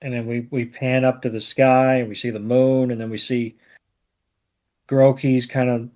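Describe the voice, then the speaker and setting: A man co-hosting a podcast, retelling a cartoon episode in a relaxed way with many fillers. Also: mid-range voice, moderate pace. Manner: laid-back, lots of ums and you-knows. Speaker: podcast co-host. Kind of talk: casual episode recap.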